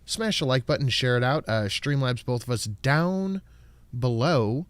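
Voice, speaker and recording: A male podcast host chatting casually on a live stream in a voice of middle pitch, recorded dry and close. He tells stories loosely and swears freely, with plenty of "like" and "you know.". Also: lively intonation, measured pace, no room sound. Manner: loose, profane storytelling with fillers.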